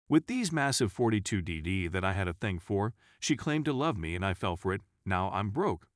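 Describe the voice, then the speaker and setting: A man's voice: fairly low pitch, big pitch swings, moderate pace, hardly any pauses, no echo, studio quality. A man reading online stories aloud as scripted narration, voicing each dialogue tag as a letter. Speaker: story narrator.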